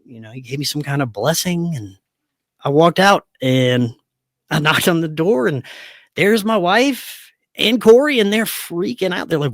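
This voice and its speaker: A man with a voice a bit higher than most tells a personal story in a casual interview. He acts out what everyone said and laughs between lines. The sound is dry and close to the mic. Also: a little slow, dry recording. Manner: animated storyteller who acts out dialogue, laughs often. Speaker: podcast guest.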